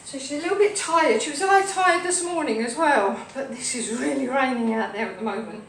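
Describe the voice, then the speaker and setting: A rambling, cheerful woman hosts a home cooking stream and chats to her viewers and pets as she works. Her voice sits a little high. She is a step back from the mic in an echoey kitchen, with a faint hum behind her. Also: brisk, vocal fry, fairly bright tone, far from the mic. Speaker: host of a live cooking stream. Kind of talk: chatty live cooking stream.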